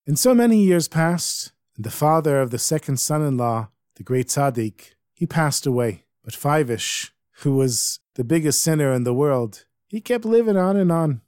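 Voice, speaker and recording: A man with a fairly high voice tells a Hasidic tale with lively emphasis. The recording is dry and close, with no room around it. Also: moderate pace, few pauses, no room sound. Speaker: storyteller.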